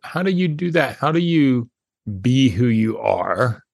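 A man's voice: mid-range voice, very animated, measured pace, creaky, a little mellow. A man hosting an interview, asking short questions between supportive murmurs. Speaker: host. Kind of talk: casual interview.

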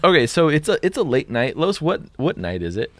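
Animated, laughing male podcast co-host. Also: a little high, brisk, music in the background. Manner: laughs often, animated and playful. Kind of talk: casual podcast banter.

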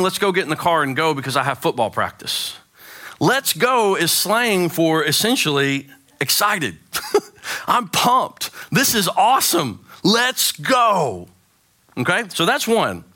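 A man in his forties, a pastor giving a sermon with animated, joking storytelling. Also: fairly high pitch. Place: church sanctuary.

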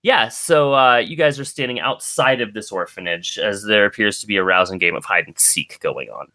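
A man narrating a tabletop game as game master, relaxed and descriptive with frequent ums. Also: lowish voice, normal speed, no echo.

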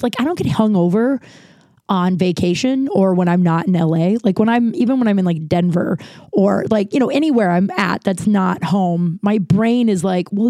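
Woman, podcast host, casual rambling chat, slightly hoarse and stuffy, mellow tone, dry close sound. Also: medium pitch, no room sound. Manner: rambling, chatty, swears freely. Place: corner of her apartment.

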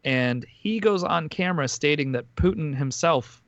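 A man's voice: on the high side, animated, normal speed, dry recording, highs cut off. A man on a podcast, casually recapping a documentary in a rambling way, full of fillers and restarts. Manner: rambling, filler-heavy storytelling with frequent restarts. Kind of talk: casual chat.

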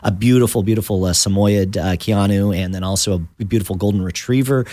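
Male podcast host. Low voice, dry close sound. Casual and encouraging, stumbles through intros. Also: warm tone, no echo. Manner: supportive interjections, halting intros full of fillers. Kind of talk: casual interview.

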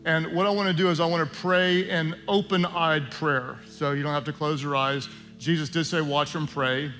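A male pastor preaching a sermon in a conversational style with joking asides, slowing down for prayer. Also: on the high side, fairly even intonation, pushed and bright, soft background music.

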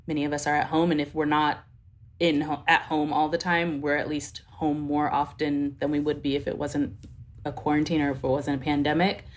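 A young woman talking thoughtfully on a podcast, searching for words with many fillers and restarts. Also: low voice. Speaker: podcast guest. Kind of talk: casual podcast conversation.

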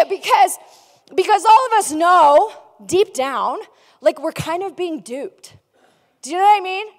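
A woman pastor preaching from a large church stage with a high voice. She moves between earnest prayer and playful, chatty teaching. A long reverb hangs behind her words. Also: a little slow. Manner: soft and earnest in prayer, lively and joking in teaching. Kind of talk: sermon.

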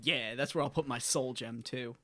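A man's voice: medium pitch, moderate pace, sharp tone. A young man co-hosting a casual podcast, joking and slangy as he talks anime. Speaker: podcast co-host. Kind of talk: casual chat.

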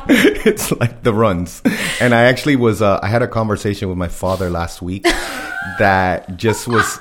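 A man co-hosting a podcast, talking earnestly, quick to laugh and acting out his own inner voice. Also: lowish voice, lively intonation, background noise. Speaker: podcast co-host. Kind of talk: casual chat.

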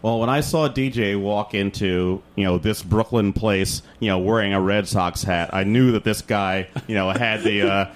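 A man's voice: lowish voice, normal speed, few pauses. A man guesting on a radio show, chatting casually with many "you know" fillers. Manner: animated storyteller, heavy use of "you know".

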